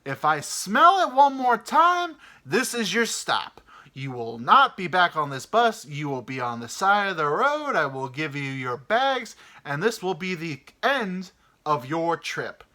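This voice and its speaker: A man voicing a fed-up male bus driver who shouts stern ultimatums. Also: medium pitch, monotone, drawn-out words, hardly any pauses. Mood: bellowing.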